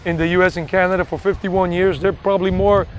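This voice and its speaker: This American man in his forties blends Southern and New York accents as a travel vlogger live-streaming outdoors by a beach. He talks fast in a high, flat voice, rambling chattily and plugging himself, and the audio quality is poor.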